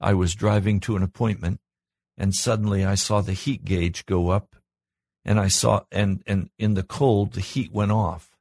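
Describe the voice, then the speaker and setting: A man preaching as a pastor, earnest, his voice climbing higher and louder when he presses a point. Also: fairly even intonation, normal speed, no echo. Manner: earnest, rises in pitch and volume when stressing a point. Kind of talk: sermon.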